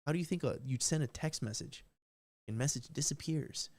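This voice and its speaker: A man's voice: fairly high pitch, a little fast, a little mellow. A man talking live on a stream, rambling and emphatic, swearing often and restarting his sentences. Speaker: livestream host. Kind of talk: unscripted live stream rant.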